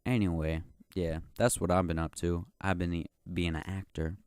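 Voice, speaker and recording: A young man with a very low, deep voice rants on his solo podcast. He is slangy, boastful and profane, and his telling rambles. The sound is dry and close, with no room around it. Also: steady tone, normal speed, a little mellow, clear, resonant tone, no echo. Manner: rambling, keeps saying "you know what I'm saying". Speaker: podcast host. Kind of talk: casual solo podcast rant.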